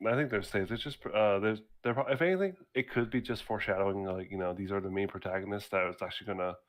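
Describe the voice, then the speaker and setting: Co-host, young male, lowish voice, rambling, chatty. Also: fast. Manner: rambling, laughs at own stories. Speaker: podcast co-host. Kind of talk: casual gaming chat.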